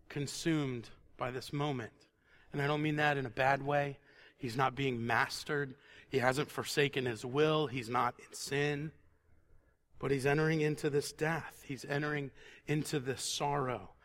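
A man preaching a conversational sermon who repeats words for emphasis and sinks to a quiet, intense tone on solemn points. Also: medium pitch, fairly even intonation, a little slow.

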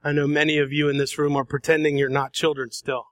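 A man preaching a sermon, dramatic, acting out voices and shifting between soft and loud passages. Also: a little high, little pitch movement, quick pace, no room sound. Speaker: pastor.

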